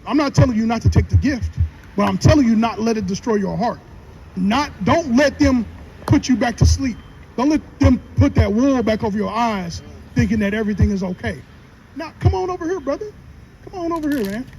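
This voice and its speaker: A man's voice: high voice, brisk, a little mellow, slight background noise, rough recording. A man earnestly explaining Bible verses in a casual street teaching style.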